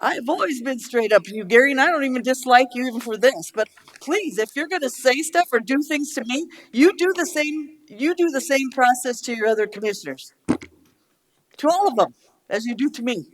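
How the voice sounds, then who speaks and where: A woman's voice: sits high, expressive. Angry, blunt woman at a public meeting. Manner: blunt, angry, swears, rapid rebuttals. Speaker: county commissioner. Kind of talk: heated speech at a public meeting.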